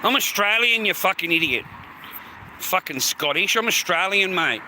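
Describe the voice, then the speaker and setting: High-voiced man ranting outdoors, foul-mouthed. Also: animated, moderate pace. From United States. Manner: profane, mocking, calls everyone mate and bro. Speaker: livestreamer. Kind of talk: rambling live-stream rant. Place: outdoors near the sea, walking by traffic. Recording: loud street and car noise.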